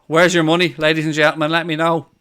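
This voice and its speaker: A man hosts a live football watchalong stream. His voice sits high, bright and clear. He talks excitably, swearing freely and shouting over the big moments. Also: quick pace. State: out of breath. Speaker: watchalong host.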